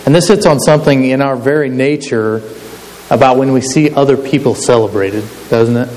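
A man's voice: medium pitch, moderate pace, darkish tone. A man preaching a sermon in a conversational way, often asking his listeners to agree. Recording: long hall reverb with faint hiss.

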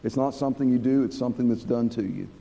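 A man preaching a sermon to a congregation, earnest, slowing down and dropping low to stress key points. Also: gravelly, dark tone, long reverb tail. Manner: earnest, slows and drops low for emphasis.

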